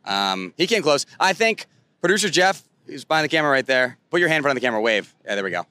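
A young man excitedly recapping a race as a vlog host, filmed outdoors at a racetrack. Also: mid-range voice, fast talker, smooth. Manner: excitable, animated fan talk.

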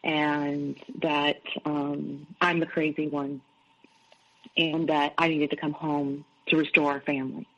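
Middle aged woman telling her own story on an interview, candid, gravelly edge, bright tense tone. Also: deep voice, flat delivery, slow, lo-fi sound. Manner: candid, recounts events with quoted dialogue. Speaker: guest. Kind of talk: personal storytelling.

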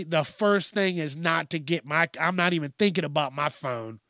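A man's voice: fairly high pitch, gravelly, pushed and bright, dry recording, clean studio sound. A man hosting a casual news commentary show, swearing often, laughing and acting out quotes in exaggerated voices. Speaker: host.

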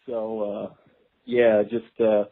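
A man doing an impression of a famous rock singer who is laid-back and self-promoting. He leaves a voicemail in a mumbling low drawl with sudden sung outbursts. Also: level tone, slow pace. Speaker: voicemail caller. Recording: tinny phone voicemail.

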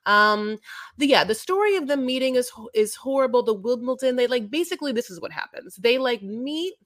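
A woman's voice: fairly high pitch, lively intonation, a little fast, a bit bright, no echo, studio quality. A woman co-hosting a podcast, recapping a docuseries in a rambling, casual way full of restarts and fillers. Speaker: podcast co-host. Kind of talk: casual chat.

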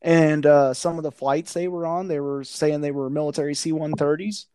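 A man's voice: on the high side, flat delivery, normal speed, warm tone, clean tone, dry recording. Blunt, profane man ranting in a dry room. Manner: conspiratorial tone. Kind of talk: casual chat.

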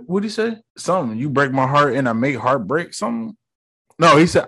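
A man's voice: mid-range voice, sing-song, normal speed, fairly bright tone, husky. A young man hosting a podcast, recapping a movie in casual slang and mocking the characters in quoted voices. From United States. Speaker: podcast host.

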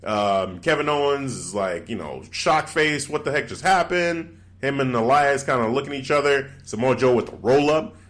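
A man's voice: medium pitch, moderate pace, few pauses. A man co-hosting a casual chat, talking loosely with frequent laughs and acted-out quotes. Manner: animated, laughs often, acts out quotes. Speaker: podcast co-host. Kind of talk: casual wrestling recap chat.

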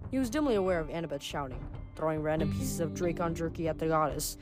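A woman reading chapters of a novel aloud in an animated, expressive way. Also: low-pitched, quick pace, music in the background. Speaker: audiobook reader.

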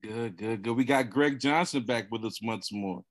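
A man hosting a podcast in casual chat, lively and teasing, laughing often. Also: mid-range voice, moderate pace. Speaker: podcast host.

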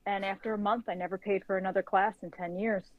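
A woman telling a casual story as a guest, lively and acting out the dialogue, leaning on "like" as a filler. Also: mid-range voice, quick pace, dry recording, narrow, tinny audio. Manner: lively storyteller who acts out quoted dialogue; frequent filler "like". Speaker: guest author.

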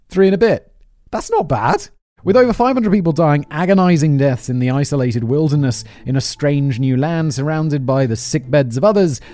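Reading his podcast script aloud, this man with an English accent and a warm, slightly high voice often drifts into self-deprecating tangents that ramble on.

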